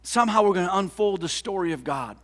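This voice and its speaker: An older man preaching a sermon as pastor, impassioned, with rhetorical questions, swinging between loud lines and hushed ones. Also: high-pitched, expressive, fast talker. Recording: long hall reverb.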